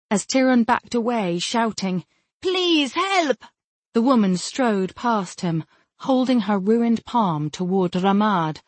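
A woman narrating an audiobook in a measured, steady reading style. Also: lowish voice, slightly rough, no room sound. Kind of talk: scripted narration.

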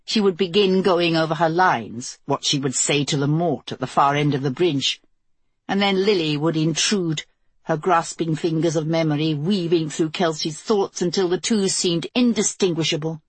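A woman reading a novel aloud as an audiobook narrator, in measured, even storytelling. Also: deep voice, husky, dry recording. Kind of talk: scripted narration.

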